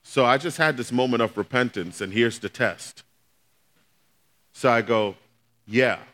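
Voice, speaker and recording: A man's voice: medium pitch, measured pace, fairly bright tone. A man pastor preaching a sermon, telling a personal story in a conversational way and speaking directly to his congregation.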